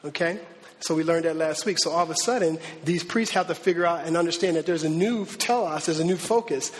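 A man preaching a casual, animated sermon as pastor, with many fillers and restarts. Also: fairly high pitch, brisk. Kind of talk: conversational sermon. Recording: long hall reverb.

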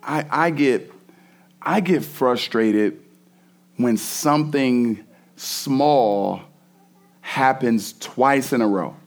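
A man's voice: mid-range voice, very slow, gravelly, pauses often. A man preaching a sermon as pastor, reading scripture and then speaking animatedly, restarting phrases and acting out quotes.

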